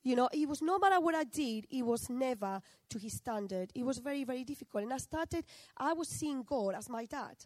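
A woman's voice: sits high, lively intonation, brisk, no echo, rough recording. A middle-aged woman preaching a sermon in a conversational way, often asking her listeners questions.

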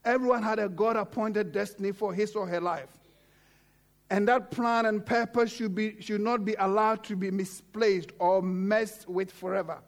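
A man's voice: high voice, fairly even intonation, moderate pace. A man preaching a sermon, fervent and exhorting, repeating phrases to drive points home. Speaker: pastor.

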